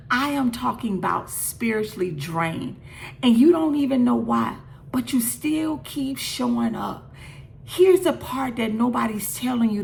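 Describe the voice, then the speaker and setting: A woman's voice: medium pitch, vocal fry, a little hiss or hum. A middle-aged woman hosting a faith encouragement show, speaking earnestly and directly to listeners with repeated, building phrases. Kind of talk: midday devotional encouragement.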